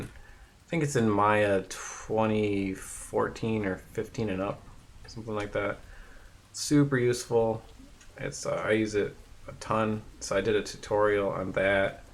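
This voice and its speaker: A man hosting a live painting stream, chatting casually and rambling with many fillers, in a fairly even tone. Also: on the low side. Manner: says his voice rarely goes up or down.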